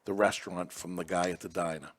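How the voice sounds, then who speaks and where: A man's voice: low-pitched, fast talker. A man in his sixties from Massachusetts, a business owner telling a story on a podcast and acting out the dialogue. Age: 60s. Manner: animated, acts out dialogue. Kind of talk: casual storytelling.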